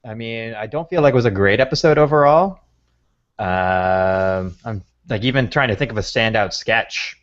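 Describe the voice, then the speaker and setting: A man's voice: lowish voice, moderate pace, highs cut off. A man co-hosting a comedy podcast, talking in a dry, hesitant way with many ums. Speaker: podcast co-host. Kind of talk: casual comedy podcast chat.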